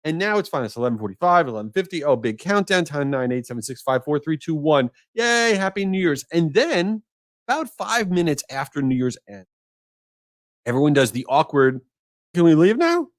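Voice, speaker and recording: A man hosting a solo podcast, talking energetically in a jokey, animated way with strong opinions. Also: a little high, brisk, no room sound, clean studio sound. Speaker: podcast host.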